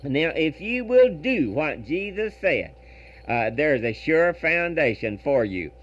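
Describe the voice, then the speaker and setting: A man preaching over a radio broadcast, earnest and reading scripture in a measured cadence. His fairly high voice rises and falls with animation. The recording sounds dull and lo-fi, like an old broadcast. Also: big pitch swings. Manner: earnest, reads verse in measured rhythm, repeats words.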